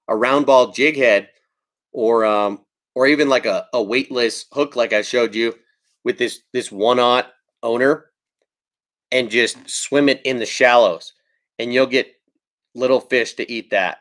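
A fishing channel host runs a casual live stream, talking through his favorite baits in a loose, easygoing manner. His voice is an ordinary middle pitch for a man, and he fills pauses with ums and breaks off to answer viewer comments as they arrive.

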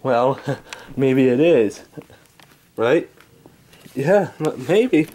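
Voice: mid-range voice, lively intonation, dark tone. A performer voicing a bearded man pretending to be a woman, speaking hesitantly with many ums. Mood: awkward. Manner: hesitant, halting, full of ums. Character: bearded man posing as a lady, nervous.

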